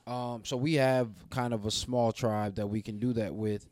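A man from the American South talking frankly in a casual podcast chat, animated and acting out the voices of people he quotes. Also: mid-range voice, moderate pace, dry recording. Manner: candid, animated storyteller who acts out quoted dialogue. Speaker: podcast co-host.

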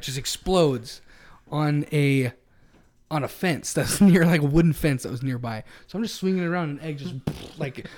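A man's voice: on the high side, slight background noise. A man co-hosting a podcast, telling a long story in a casual, rambling way with frequent restarts. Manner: rambling, self-correcting storyteller. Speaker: podcast co-host.

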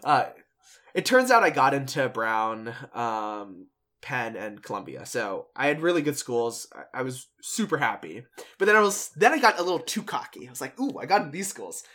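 Animated young man telling a story. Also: mid-range voice, moderate pace. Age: young adult. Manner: animated storytelling, laughing often. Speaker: podcast host. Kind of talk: casual podcast chat.

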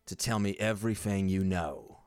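A man's voice: deep voice, moderate pace, darkish tone, dry recording, clean studio sound, close to an everyday voice. A man voicing a blunt, swearing adventurer in a tabletop game, stammering when he pushes for answers. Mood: gruff. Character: gruff, fed-up male adventurer.

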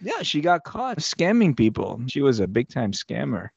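A man's voice: medium pitch, huge pitch swings, moderate pace, gravelly, darkish tone, slightly rough, dry recording, muffled recording. A man co-hosting a podcast in casual chat, reacting with short exclamations and asking questions. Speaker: podcast co-host.

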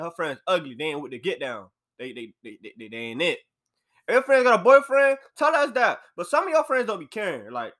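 A young man hosting a podcast from an apartment, ranting casually in loose slang. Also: high voice. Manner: loose, animated slang-heavy rant. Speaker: podcast host.

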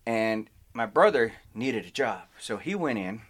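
A man's voice: lowish voice, animated, measured pace, fairly bright tone. A middle-aged man telling rambling, profane work and family stories in casual podcast chat, acting out what others said. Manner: rambling, profane anecdotes with acted quotes.

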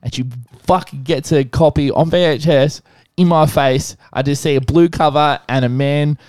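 A young Australian man rambles through crude stories on a podcast, laughing and swearing as he goes. His voice sits a little high, and the recording is dry and close. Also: moderate pace, smooth, no room sound. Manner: rambling, swears constantly, laughs a lot, animated impressions. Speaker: podcast co-host. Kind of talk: casual crude storytelling.

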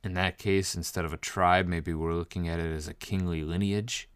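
A very low-voiced preacher teaches from scripture in a steady, clean tone, slowly reading verses, then unpacking them plainly and stressing important phrases. The recording is dry and close, without any echo or room sound.

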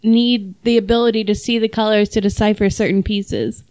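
A woman's voice: mid-range voice, steady tone, a little mellow, no echo. A young woman co-hosting a podcast in casual, teasing chat. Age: young adult. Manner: teasing and quick to laugh. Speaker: podcast co-host.

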